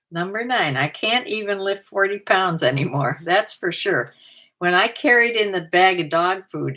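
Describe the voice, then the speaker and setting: A woman's voice: fairly low pitch, fairly bright tone. An older woman vlogging at home, chatting through a numbered list about herself and often laughing at her own remarks. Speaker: vlogger and part-time reseller. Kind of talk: casual chat to camera, going through a numbered list.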